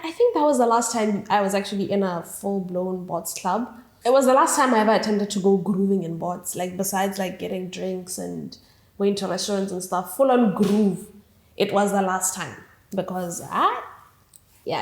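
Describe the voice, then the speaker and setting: A young woman from southern Africa telling a casual storytime, animated, quoting people in a raised voice. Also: mid-range voice. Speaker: vlogger. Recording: echoey room.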